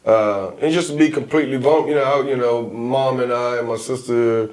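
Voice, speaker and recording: A man's voice: medium pitch, quick pace. A man in his forties, a guest in a casual interview, telling his stories with emphasis and energy. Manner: emphatic, animated storytelling.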